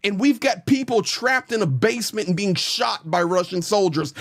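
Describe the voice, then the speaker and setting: Male host, fairly high voice, blunt frustrated rant to camera. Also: normal speed. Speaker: host, volunteer supporter. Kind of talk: impassioned direct-to-camera commentary.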